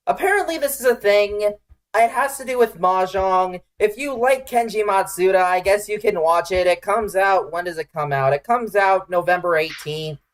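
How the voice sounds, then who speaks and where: Unhurried man hosting a geek podcast. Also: sits high. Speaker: podcast co-host. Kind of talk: casual podcast chat.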